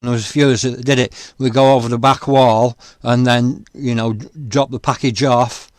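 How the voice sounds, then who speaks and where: A man hosts an interview, talking in a halting, stop-start way. His voice is recorded dry and close, and his pitch is ordinary for a man. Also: flat delivery, darkish tone, no echo. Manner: halting, many restarts and fillers. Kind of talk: conversational interview.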